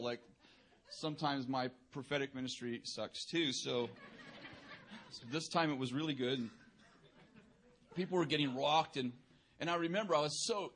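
A man's voice: medium pitch, a bit bright. A male preacher speaks in a mid-range voice, with easygoing and conversational delivery. He keeps poking fun at himself and chuckles as he goes. The sermon feels loose and anecdotal. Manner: humorous, self-deprecating, laughing through anecdotes; casual, conversational, filler-heavy. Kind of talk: sermon with personal storytelling.

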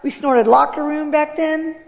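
A middle-aged American woman gives a personal testimony in a fairly high, gravelly voice. She tells her story earnestly, and her voice rises with emotion at the big moments. A long hall reverb trails behind every word. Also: steady tone, unhurried. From United States. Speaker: speaker giving a testimony.

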